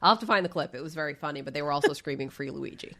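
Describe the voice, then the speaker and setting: A woman co-hosting a podcast, telling stories in a chatty, animated way. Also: low voice, rapid-fire. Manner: chatty, animated storytelling, frequent fillers and swearing. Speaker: podcast co-host. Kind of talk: casual chat.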